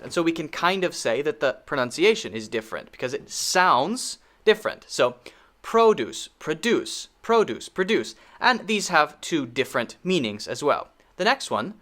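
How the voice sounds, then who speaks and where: A man teaching an English pronunciation video lesson, patient, repeating words slowly for drilling and checking in with a frequent "okay?". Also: mid-range voice, fairly bright tone.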